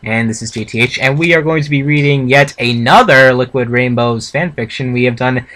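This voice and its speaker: A man's voice: medium pitch, fairly quick, a bit bright, a little hiss or hum, poor audio. A young man reading a fan story aloud with a co-host, casual and stumbling, correcting himself. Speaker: fanfiction reader, co-host. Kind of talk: casual read-aloud reaction.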